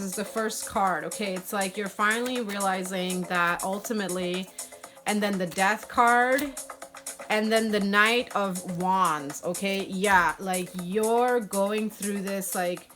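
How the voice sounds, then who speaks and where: A woman's voice: medium pitch, fairly bright tone. A woman giving a live tarot reading in an earnest, spiritual way, often checking in with "okay?" and greeting her chat viewers. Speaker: tarot reader. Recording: music playing behind.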